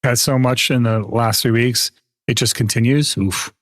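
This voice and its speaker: A young man gives casual, chatty commentary while he plays a game live, laughing often between his explanations. His voice sits at an ordinary middle pitch and sounds dry and close, with no room around it. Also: steady tone, normal speed, fairly bright tone, no room sound. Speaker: streamer.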